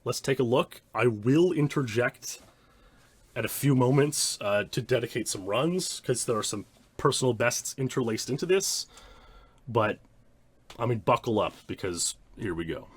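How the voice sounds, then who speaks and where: A man's voice: medium pitch, expressive, moderate pace, breathy edge. A man, a speedrunner, giving rambling, reflective commentary on his own old streams. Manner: rambling, many restarts and "like" fillers.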